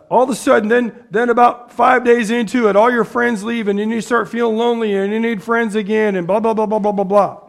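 A pastor who preaches plainly and bluntly, like he is chatting with the room. His voice sits high for a man and has a gravelly edge. He restarts and repeats words as he goes and slips into quick impressions of the people in his stories. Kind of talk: casual sermon.

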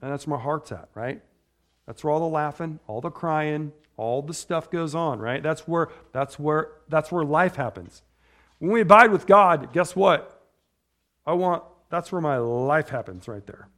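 A man delivering an informal sermon in a talkative, meandering way. His voice sits a little higher than usual for a man. He restarts his sentences and keeps checking in with the room by asking "right?". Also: animated, measured pace, a bit bright. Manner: chatty, tags lines with "right?"; rambling with restarts. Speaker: preacher.

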